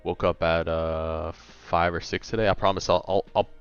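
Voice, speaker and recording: Deep-voiced laid-back man in his late twenties. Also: little pitch movement, moderate pace, smooth, highs cut off, soft background music. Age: late 20s. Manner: laid-back, chatty, a little tired. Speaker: gaming streamer. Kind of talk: casual livestream chat, reading chat.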